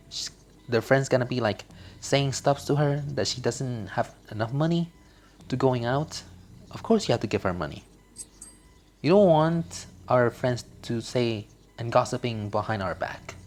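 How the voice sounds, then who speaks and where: A man's voice: mid-range voice, a little hiss or hum. A man casually commenting on a mobile game he is playing, rambling with slips. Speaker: gaming channel host.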